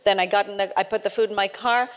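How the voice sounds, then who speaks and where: Woman, conversational sermon, mid-range pitch, chatty with tag questions, echoing hall reverb. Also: fairly even intonation, fast. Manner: chatty, tag questions like "right?", frequent restarts. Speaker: speaker at a church gathering. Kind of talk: conversational sermon with personal stories.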